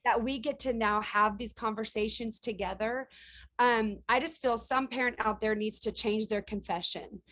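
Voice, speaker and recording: Brief: lively mother of teens, higher voice, laughing storyteller. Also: normal speed. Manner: animated storyteller, laughs often. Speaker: singer and guest. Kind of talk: casual radio interview.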